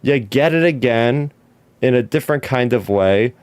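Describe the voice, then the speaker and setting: A man's voice: medium pitch, normal speed, darkish tone, clear, resonant tone, no room sound. A man co-hosting a podcast, talking in an effusive, emotional way with many restarts. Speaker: podcast co-host. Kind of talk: casual podcast discussion.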